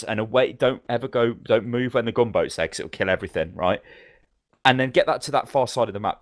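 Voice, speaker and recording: A man co-hosting a podcast, telling game stories in a fast, animated, swearing manner. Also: mid-range voice, dry recording, clean studio sound. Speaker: podcast co-host. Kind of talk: casual gaming chat.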